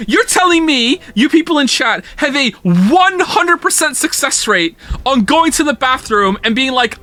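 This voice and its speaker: A man's voice: very high-pitched, animated, measured pace, few pauses, pushed and bright. A man live-streaming a game, ranting at his chat in a casual, profane, incredulous way.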